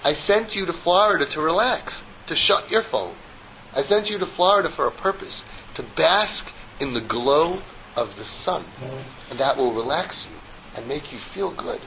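A man's voice: a little high, lively intonation, moderate pace, gravelly, sharp tone, a little hiss or hum, exaggerated voice, poor audio. A man playing a scolding doctor. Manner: scolding, lecturing. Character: exasperated male doctor, middle-aged.

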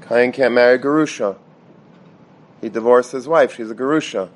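Guy telling an emotional religious tale, mid-pitched, trips over his words a lot, faint noise behind. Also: moderate pace. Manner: stammering restarts and repetition; mixes Hebrew and Yiddish terms. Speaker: storyteller. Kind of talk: dramatic religious storytelling.

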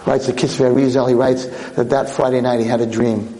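A male lecturer telling a story in a sermon, animated and acting out its characters. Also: medium pitch, fairly quick. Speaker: Torah lecturer. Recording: long hall reverb.

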